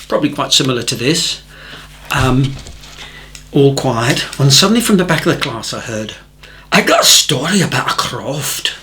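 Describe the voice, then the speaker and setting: A middle-aged man narrating a watercolour painting tutorial in a chatty, gently humorous way. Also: mid-range voice. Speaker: watercolour teacher.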